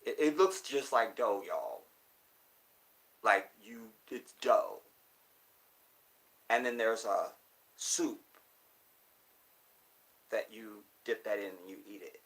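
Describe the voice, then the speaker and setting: A man's voice: lowish voice, slow pace, long pauses, fairly bright tone, low-quality recording. A man speaking casually and emphatically to his viewers, repeating his points for stress. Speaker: commentator. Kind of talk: casual monologue.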